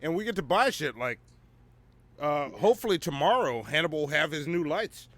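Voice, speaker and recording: A man co-hosting a podcast, upbeat and quick to laugh, reading out viewer messages. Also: on the high side, sing-song, a bit bright, no echo. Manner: upbeat, laughs easily, reads messages aloud. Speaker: podcast co-host reading donations. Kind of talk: casual chat.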